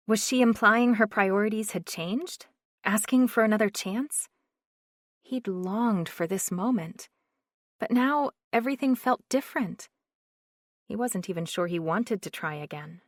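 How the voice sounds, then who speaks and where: A woman narrating an audiobook in a slow, measured reading. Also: mid-range voice, no room sound, clean studio sound.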